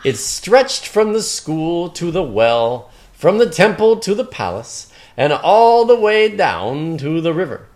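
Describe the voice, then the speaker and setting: A woman's voice: lowish voice, sing-song, slow, darkish tone. A woman reading a children's picture book aloud, acting out the characters and sound effects. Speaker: story reader.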